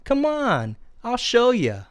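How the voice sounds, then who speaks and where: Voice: medium pitch, wildly swooping pitch, smooth, no echo, clean studio sound. A puppeteer voicing a sing-song sparrow puppet. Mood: cheerful. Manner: sing-song, encouraging, drawn-out words. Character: friendly little sparrow puppet teacher. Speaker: children's language teacher. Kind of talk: children's lesson.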